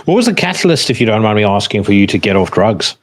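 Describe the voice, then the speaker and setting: A man's voice: fairly low pitch, sing-song, fast talker. A man hosting a podcast, asking curious interview questions. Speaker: podcast host.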